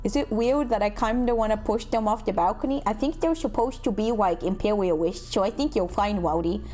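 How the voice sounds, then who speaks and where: A young woman streamer chatting casually with her viewers, with a self-deprecating, animated manner. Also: medium pitch, brisk, soft background music. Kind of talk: casual livestream chat.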